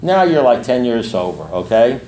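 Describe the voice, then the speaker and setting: This is another blunt, streetwise recovery meeting talk from a sponsor who drives points home by saying them again. His dark, medium-pitched voice swings widely in pitch at a moderate pace, heard in an echoey room with faint ambience and slight hiss or hum.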